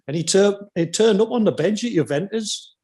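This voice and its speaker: A man's voice: sits high, normal speed. Chatty man hosting a podcast. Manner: animated anecdotes with quoted asides. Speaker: podcast host, former teammate. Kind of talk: casual storytelling chat.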